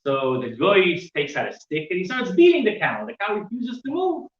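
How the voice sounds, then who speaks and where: High, lively man telling a Torah story. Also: moderate pace, slight background noise. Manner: animated storytelling with fillers and restarts. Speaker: rabbi teaching a class. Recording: roomy, dull sound from a distant mic.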